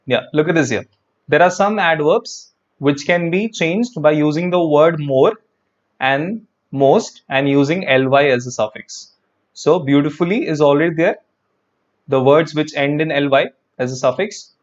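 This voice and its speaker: A man's voice: on the high side, a little slow, highs cut off. A man teaching an English grammar lesson online, chatty and repetitive, talking straight to his viewers and answering their comments. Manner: chatty, repeats words, talks to viewers.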